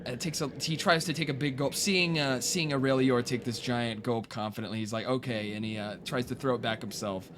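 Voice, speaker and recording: A man's voice: mid-range voice, fairly even intonation, fairly quick, hardly any pauses, noisy background. A man running a tabletop game as dungeon master, narrating loosely and laughing often.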